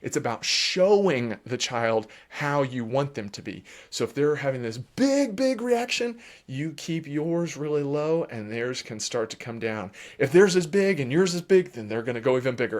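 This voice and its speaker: Man explaining calmly to parents. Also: medium pitch, a little fast, few pauses. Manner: calm, explanatory, animated at times, with light laughs. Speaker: children's therapist. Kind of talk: advice talk to parents.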